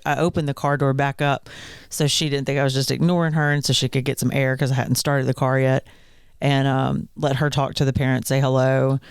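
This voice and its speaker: A woman's voice: rumbling low, clear, resonant tone, no room sound, clean studio sound. A woman in her thirties, expecting her second child, co-hosting a casual parenting podcast and telling stories with frequent laughter. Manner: animated storyteller, laughs often. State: pregnant, third trimester. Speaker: podcast co-host. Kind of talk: casual chat.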